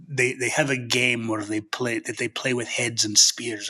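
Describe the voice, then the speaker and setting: A man's voice: mid-range voice, flat delivery, a little slow, bright, forceful tone, slightly rough. A man, a novelist, talking earnestly and passionately in a casual interview, thinking aloud as he goes. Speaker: novelist guest.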